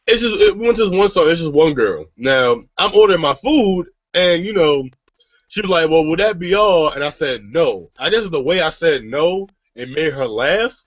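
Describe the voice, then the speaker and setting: A young man spins a profane, rambling story in casual chat, his voice bright and lively, rising and falling a lot. He keeps restarting his sentences. The sound is dry and a bit dull. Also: a little high, no echo. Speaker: podcast host telling a story.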